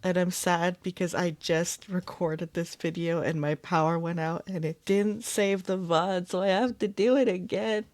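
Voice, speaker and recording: A woman's voice: fairly low pitch, a little slow, few pauses. Chatty woman vlogger. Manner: chatty and expressive, often laughing. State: upset and close to tears. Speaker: beadwork vlogger. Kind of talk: casual vlog chat.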